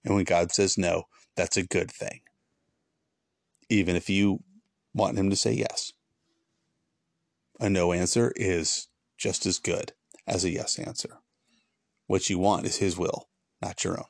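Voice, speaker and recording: A man's voice: sits low, steady tone, unhurried, vocal fry, pauses often, no room sound, studio quality. A man who is a former pastor, hosting a devotional podcast in an earnest, preachy way and repeating points for emphasis.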